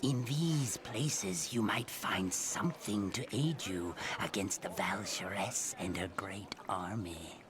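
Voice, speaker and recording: A man voicing a sinister robed boatman of a dark underground river in a game, speaking in a gurgling, hissing whisper as a whispered role-play. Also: low voice, takes it slowly, hardly any pauses, a crowd in the background. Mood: secretive.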